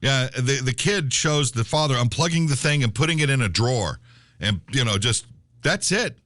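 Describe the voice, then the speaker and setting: A man's voice: medium pitch, moderate pace, a bit bright, no room sound. A man hosting a casual radio talk show, reading the news aloud and rambling on with plenty of fillers, on a studio mic.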